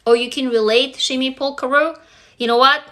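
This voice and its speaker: A woman's voice: high-pitched, fairly even intonation, moderate pace, a bit bright. A woman from Russia, hosting an emotional livestream monologue in a raw, intense and profane way. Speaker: livestream host.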